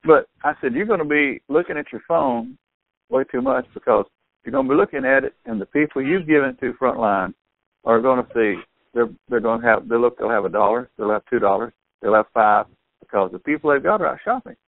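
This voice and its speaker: Excitable older man on a phone line. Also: mid-range voice, brisk, creaky, dry recording. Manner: excitable storyteller, acts out quotes. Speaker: store owner and sales partner. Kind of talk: phone conversation.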